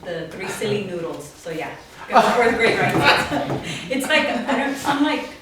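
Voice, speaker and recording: A woman's voice: medium pitch, measured pace, over a noisy crowd. Woman storytelling at a talk, laughs a lot, does little voices, kinda far off, super echoey room. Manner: animated, laughing, acting out voices in quotes. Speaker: guest artist. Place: small office event space. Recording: very echoey room, from off-mic, faint noise.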